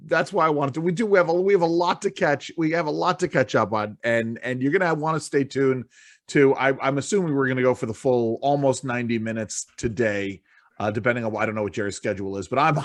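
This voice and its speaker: A man's voice: medium pitch, dry recording, studio quality. A male co-host of a casual political talk show, rambling with restarts and frequent laughs. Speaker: podcast co-host.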